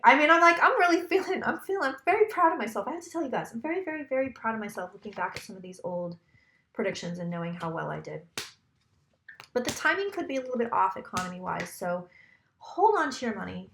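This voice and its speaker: A woman's voice: mid-range voice, fairly bright tone, echoey room, a little hiss or hum. A woman psychic giving a casual, rambling tarot reading, talking straight to her viewers and swearing now and then.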